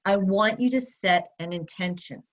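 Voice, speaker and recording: A woman's voice: mid-range voice, moderate pace. Woman in her sixties, motivational talk with a mid-range voice, direct and coaching; slightly muffled recording. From United States. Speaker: speaker.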